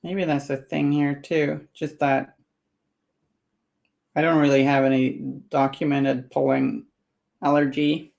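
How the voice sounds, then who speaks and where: A woman's voice: sits low, flat delivery, takes it slowly, creaky, pauses often, a little mellow. A woman chatting casually on a live stream while painting miniatures and answering viewer comments.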